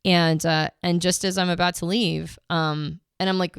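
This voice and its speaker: Podcast co-host, female, slightly low voice, dry close sound, restarts often while recounting. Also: level tone, normal speed, smooth, no room sound. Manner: emotional retelling with frequent restarts and asides. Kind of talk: casual storytelling.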